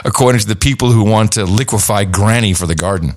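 A man's voice: fairly low pitch, quick pace, no room sound, clean studio sound. A man co-hosting a podcast, chatting casually and rambling a little with fillers. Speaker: podcast co-host. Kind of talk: casual chat.

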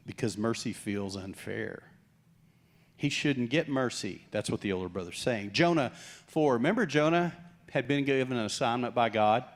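A man's voice: mid-range voice, moderate pace. A man preaching a sermon, joking with the congregation and acting out the characters in the story. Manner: jokey, animated preaching with acted-out quotes. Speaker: pastor.

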